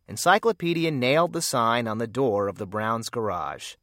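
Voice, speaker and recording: A storyteller reading a children's mystery aloud with expressive storybook delivery. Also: mid-range voice, moderate pace, few pauses, dry recording, clean studio sound. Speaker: narrator.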